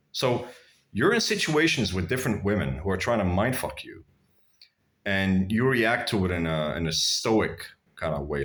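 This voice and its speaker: A vlogger with a fairly low, fairly bright voice tells blunt, crude personal stories to camera. His delivery is rambling and casual, and he addresses his viewers as "guys."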